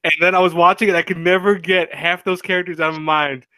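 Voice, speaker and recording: A man's voice: high voice, fairly even intonation, pushed and bright, smooth. A man chatting casually as a stream guest, joking and acting out scenes. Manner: joking, quick to act out scenes. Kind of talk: casual chat.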